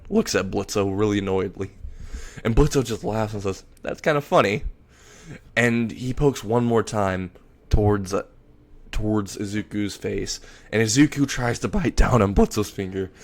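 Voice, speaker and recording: A man's voice: on the low side, normal speed. A man narrating a fan-made story in a casual, rambling way, restarting words and swearing casually.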